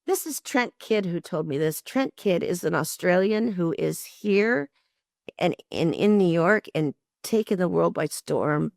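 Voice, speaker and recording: An older woman telling lively, expressive stories as an interview guest, often laughing. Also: on the low side, unhurried, gravelly, no echo, clean studio sound. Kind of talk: animated storytelling.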